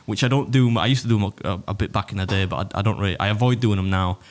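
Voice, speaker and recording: This is an English man talking fast on a casual podcast. His voice sits on the low side. He tells rambling stories and keeps restarting his sentences as he goes. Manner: rambling, self-interrupting storyteller. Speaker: podcast co-host and video creator.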